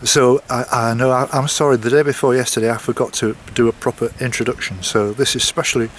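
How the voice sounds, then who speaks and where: A man's voice: medium pitch, steady tone, quick pace, slight background noise. A man chatting casually to his viewers while out on a coastal walk, rambling a little and apologising now and then. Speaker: walking vlogger. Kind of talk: casual walking vlog to camera.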